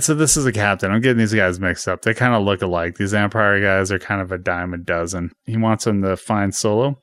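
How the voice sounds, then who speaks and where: A man's voice: lowish voice, fairly bright tone, smooth, dry recording, clean studio sound. A man hosting a casual movie recap, retelling scenes with enthusiasm and chuckles. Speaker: host.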